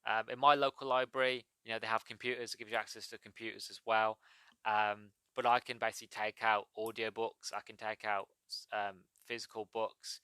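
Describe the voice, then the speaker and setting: A man's voice: lowish voice, little pitch movement, brisk, bright, forceful tone, clean tone, no echo. A man with a British accent hosting his own podcast, chatting in a rambling, digressive way. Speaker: podcast host. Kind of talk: casual solo podcast monologue.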